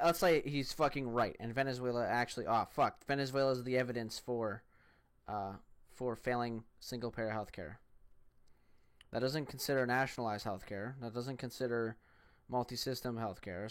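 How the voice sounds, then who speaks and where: A man giving rambling, profane, animated commentary as he reacts to a debate clip. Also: medium pitch, smooth, no echo.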